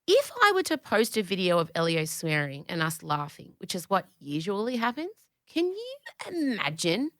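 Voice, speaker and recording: Lively, bright-voiced Australian woman. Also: on the high side, normal speed, no echo, clean studio sound. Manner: animated, opinionated, swears freely, jumps between tangents. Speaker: podcast host; comedian. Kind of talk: casual podcast chat.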